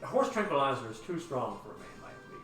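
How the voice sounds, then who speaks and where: A man's voice: mid-range voice, sing-song, fast talker, lightly acted. Man playing a greedy company boss, drawl, folksy and bossy, roomy far-off sound, faint music. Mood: teasing. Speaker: game master. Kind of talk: voicing a character in a tabletop game. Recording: roomy and distant, music behind.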